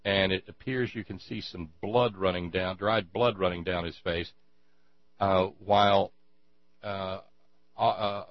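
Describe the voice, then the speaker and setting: A man with a low voice rants with indignation and dry sarcasm, stumbling over fillers as he pushes his argument. The sound is muffled and lo-fi, with a close, dead room. A steady electrical hum runs underneath. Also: unhurried, no room sound. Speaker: commentator. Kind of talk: ranting monologue. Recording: dry, dull lo-fi with mains hum.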